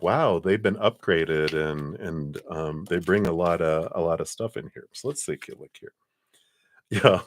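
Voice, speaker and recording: Lowish guy doing live tarot readings, rambly and chatty, laughs a lot, dry close sound. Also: dry recording. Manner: chatty and rambling, laughs often, warm spiritual blessings. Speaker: tarot card reader. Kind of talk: live-streamed card reading.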